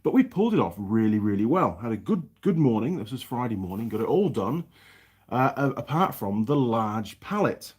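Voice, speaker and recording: Husky guy chatting on a live stream, voice bouncing all over the place. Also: medium pitch, normal speed. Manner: chatty, reads viewer names aloud with lively greetings. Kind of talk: casual live-stream chat. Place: home workshop in New Zealand.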